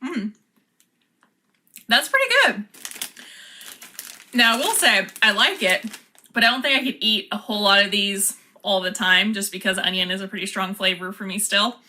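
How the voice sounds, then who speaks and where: Bright-voiced woman tasting snacks. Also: medium pitch, brisk, a little hiss or hum. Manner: chatty, laughs often, reads product cards aloud. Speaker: vlogger. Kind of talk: casual snack unboxing and taste test.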